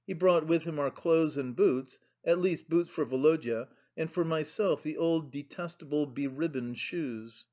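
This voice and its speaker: A man reading an audiobook in a slow, measured narration, in a dull lo-fi recording. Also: fairly high pitch, darkish tone.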